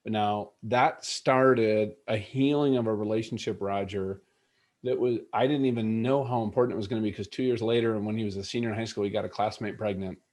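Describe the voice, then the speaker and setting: A middle-aged man with a fairly low voice speaks as an interview guest. He tells his story earnestly and with animation, slipping into the voices of the people in it. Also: fairly even intonation, fairly quick, a little mellow.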